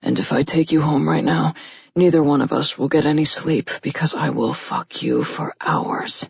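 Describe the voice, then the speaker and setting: Audiobook role: a low, heated man as read by a woman narrator, gruff and urgent. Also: normal speed, a little mellow, no echo, muffled recording, exaggerated voice. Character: gruff, hungry-voiced adult male lover.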